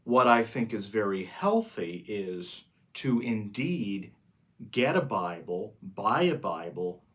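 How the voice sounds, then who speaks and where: A man co-hosting a podcast as a pastor, talking in a casual, earnest way and slowing down to stress his points. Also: fairly low pitch, big pitch swings, a bit bright. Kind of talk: casual chat.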